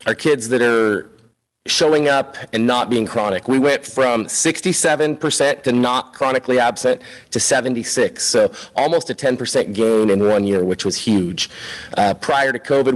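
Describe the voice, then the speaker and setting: A man's voice: medium pitch, low-quality recording. A man, an elementary school principal, giving an informal, upbeat spoken report at a school board meeting, with frequent fillers.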